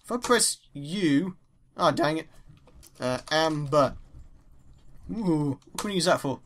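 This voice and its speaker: A young man with an English accent giving chatty, excitable let's play commentary as he mines, exclaiming at each new find. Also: a little high, slow, a little hiss or hum. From England. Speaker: gaming YouTuber.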